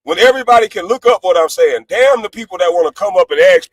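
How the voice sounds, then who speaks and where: A high-pitched man rants brashly, swearing freely and switching from loud outbursts to low asides. His voice sits close and dry, with no room around it. It sounds like a heated livestream call-in. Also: animated, fast talker, hardly any pauses, dry recording, poor audio. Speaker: panelist on a live stream.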